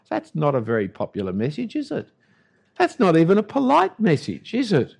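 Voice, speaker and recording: Emphatic older Australian preacher. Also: male voice, on the high side, wildly swooping pitch, moderate pace, creaky, slightly rough. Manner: emphatic, dry humour, punchy lists. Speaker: Anglican preacher. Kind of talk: sermon.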